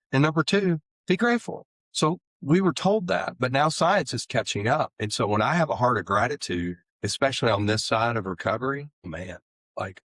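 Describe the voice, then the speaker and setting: A middle-aged man with a low voice tells his own recovery story in an interview. He talks earnestly and grows animated when he acts out the excuses he used to make. The recording is dry and close. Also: no room sound. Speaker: guest sharing recovery story.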